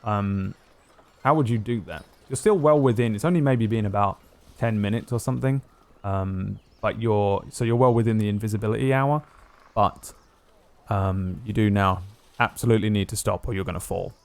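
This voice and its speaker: A man's voice: fairly low pitch, normal speed. A man narrating as game master of a tabletop game, talking loosely with many fillers.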